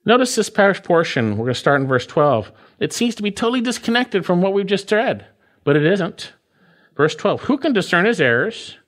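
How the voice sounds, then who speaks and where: Animated man preaching a sermon. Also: sits high. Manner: emphatic, repeats key phrases with rising stress; slows down for emphasis, explains word meanings. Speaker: pastor. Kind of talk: expository sermon.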